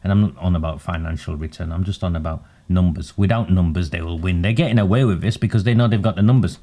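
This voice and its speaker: Low-voiced man doing commentary. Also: quick pace, mellow. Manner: earnest and pointed, with wry asides. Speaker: political commentator hosting a livestream. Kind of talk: political commentary livestream.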